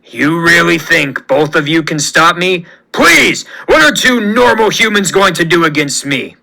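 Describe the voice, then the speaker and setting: A man's voice: fairly high pitch, animated, measured pace, creaky, bright, forceful tone, heavily acted, low-quality recording. A man voicing a gloating, villainous male president in a menacing, sneering manner.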